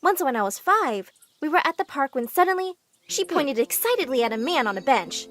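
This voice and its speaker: High, animated woman narrating a cartoon. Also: brisk, soft background music. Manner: animated, expressive storytelling. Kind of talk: scripted first-person narration of an animated story.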